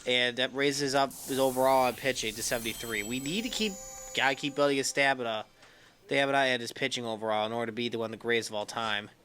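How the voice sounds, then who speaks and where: A young man commentating his own baseball video game, excitable, yelling when upset and dropping to a low muttering tone when calm. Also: quick pace, soft background music. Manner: excitable, yells in frustration then drops to a low muttering tone. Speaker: gaming YouTuber.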